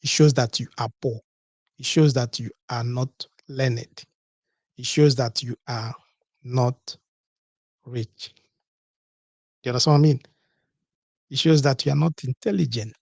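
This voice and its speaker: A man's voice: mid-range voice, fairly even intonation, measured pace, creaky, pauses often, breathy edge, dry recording. A man hosting a solo podcast, talking in a rhetorical way, repeating his points and asking "okay?" to his listeners. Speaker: podcast host.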